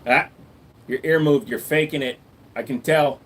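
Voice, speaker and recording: A man's voice: mid-range voice, moderate pace, fairly bright tone. A man chatting casually on a live stream at home, joking with viewers and talking to his dog. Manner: chatty, jokey, talks to his dog in a baby voice.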